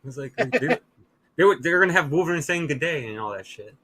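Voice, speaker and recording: A man co-hosts in a loose, joking way and swears freely. His voice is bright and forward, pitched a little high for a man. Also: expressive, fast. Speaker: podcast co-host. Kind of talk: casual chat.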